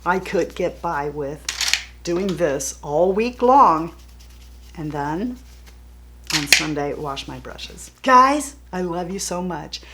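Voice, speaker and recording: A woman's voice: low voice, slow, noisy background. A middle-aged woman vlogging about beauty, heartfelt and gushing as she thanks her viewers. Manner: gushing and heartfelt, laughs between phrases. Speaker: beauty YouTuber. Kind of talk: vlog outro, thanking viewers.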